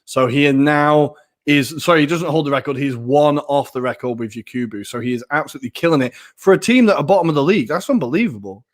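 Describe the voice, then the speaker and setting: A man, co-hosting a podcast with excitable, jokey football banter. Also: fairly high pitch, quick pace, few pauses. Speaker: podcast co-host. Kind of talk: casual football chat.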